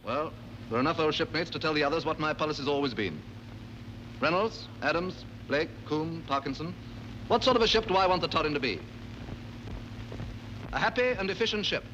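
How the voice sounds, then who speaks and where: An actor playing a naval captain addressing his crew in measured, commanding speech, from a dull, noisy old film clip. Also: fairly high pitch, animated, pushed and bright. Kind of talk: film dialogue.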